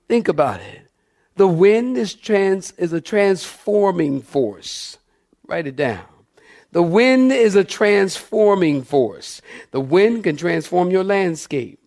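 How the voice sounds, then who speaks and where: A man's voice: high-pitched, darkish tone. A male pastor preaching a sermon, emphatic, calling on his congregation to answer back.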